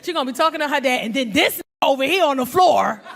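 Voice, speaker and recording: Brash woman comedian, lively high voice. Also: rapid-fire, gravelly. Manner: brash, crowd work, acts out voices. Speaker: stand-up comedian. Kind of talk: stand-up comedy. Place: comedy club stage with audience. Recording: live club with crowd laughter.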